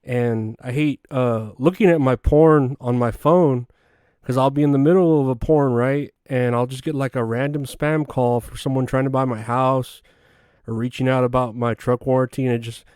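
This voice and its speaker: A man's voice: medium pitch, fairly even intonation, moderate pace, dark tone, clean tone, no echo, clean studio sound. A man hosting a solo comedy podcast, rambling through crude, offhand jokes. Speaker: podcast host.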